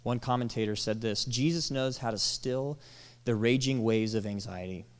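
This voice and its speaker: A man preaching a sermon, animated, acting out quoted lines and dropping to soft, tender tones. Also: mid-range voice, moderate pace, clean tone. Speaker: pastor. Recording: long hall reverb.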